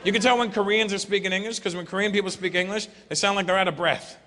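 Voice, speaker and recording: A man doing stand-up comedy to a large live audience, loud and animated, slipping into mocking voices. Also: high voice, fast. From Canada. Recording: echoey live hall recording with crowd noise.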